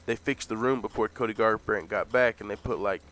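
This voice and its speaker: A man's voice: fairly low pitch, fairly quick, a bit bright. A man hosting a casual audio recap, telling the story loosely with plenty of swearing and chuckles. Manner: loose, profane storytelling, laughs at own retelling. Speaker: podcast host.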